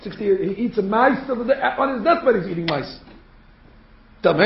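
Rabbi delivering a sermon, gravelly, slightly high for a man; echoey, dull recording. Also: normal speed, long pauses. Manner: animated, rhetorical questions, acts out quotes. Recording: echoey room, dull sound.

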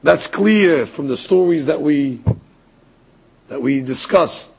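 A man giving a sermon as a rabbi, telling a story in an animated way and rising to emphatic peaks. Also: a little high, takes it slowly, gravelly, a little hiss or hum, low-quality recording. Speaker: rabbi or Torah teacher.

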